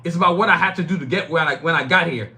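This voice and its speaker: A Nigerian man hosts his own live-streamed podcast, speaking straight to his chat in a fairly high, racing voice with a bright, forceful tone. He talks emphatically and bluntly, swearing often.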